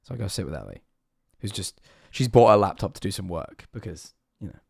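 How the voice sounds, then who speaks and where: A man telling a self-mocking story to his stream, animated and swearing freely. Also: deep voice, fairly quick, creaky, husky, dry recording, studio quality. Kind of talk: casual storytelling to a live stream chat.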